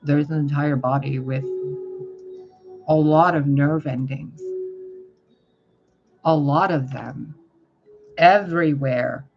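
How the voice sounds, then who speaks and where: Blunt, gravelly man over music. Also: on the high side, slow, long pauses. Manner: blunt, profane, chatty. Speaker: tarot reader. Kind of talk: casual spiritual advice vlog. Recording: dull lo-fi sound with loud music.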